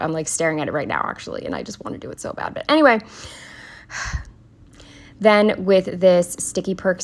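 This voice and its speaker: Chatty low-voiced woman vlogger. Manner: chatty, swears freely, many fillers. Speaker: planner vlogger. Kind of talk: casual chat.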